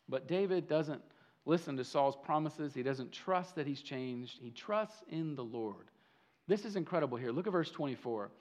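A man with a fairly high voice preaches a sermon. He tells the story with animation, acting out what the figures say, and he often repeats words and restarts sentences. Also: lively intonation, a little slow. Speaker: pastor.

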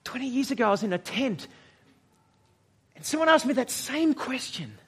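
A man preaching a sermon at a church service, measured and reflective, with dramatic pauses and moments where he drops almost to a whisper. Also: very high voice, very animated, a bit bright, slightly rough. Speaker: pastor.

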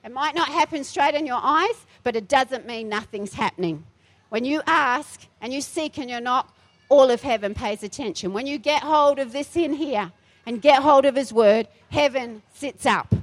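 High-voiced feisty woman preaching. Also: moderate pace. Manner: feisty, emphatic preaching with repeated phrases. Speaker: pastor. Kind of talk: sermon. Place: church.

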